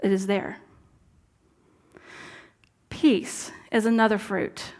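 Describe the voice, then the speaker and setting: A woman's voice: mid-range voice, little pitch movement, slow pace. Earnest woman preaching conversationally. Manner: conversational, earnest, drops to soft asides. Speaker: minister. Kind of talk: sermon. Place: church sanctuary.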